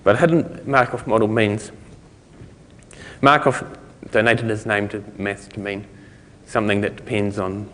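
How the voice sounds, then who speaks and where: A man's voice: lowish voice, fairly even intonation, unhurried, fairly bright tone, slight background noise. A man giving a technical conference talk, explaining ideas in a loose, conversational way, recorded in a conference hall. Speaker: conference speaker. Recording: long hall reverb.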